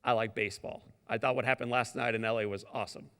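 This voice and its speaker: A middle-aged man from St. Louis giving a motivational keynote, telling his story dramatically and moving between booming lines and near-whispers. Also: fairly even intonation, quick pace, bright, forceful tone, clean tone. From St. Louis, Missouri. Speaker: keynote speaker. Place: large conference hall. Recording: long hall reverb.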